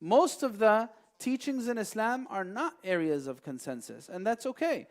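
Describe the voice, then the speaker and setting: A man taking questions at a mosque, explaining at length with many pauses and quotes recited in Arabic. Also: high-pitched, big pitch swings. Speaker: imam answering questions. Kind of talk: religious Q&A talk. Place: mosque hall.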